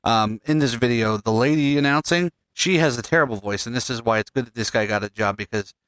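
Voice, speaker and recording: A man's voice: medium pitch, fairly quick, fairly bright tone, clean tone, no room sound, low-quality recording. A man hosting a podcast, bantering casually with sarcastic jokes and a lot of swearing. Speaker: podcast host. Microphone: studio mic.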